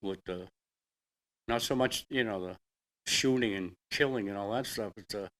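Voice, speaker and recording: An older man with a Boston accent, a veteran telling his own story in a plainspoken, halting way. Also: on the low side, fairly bright tone. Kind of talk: personal storytelling.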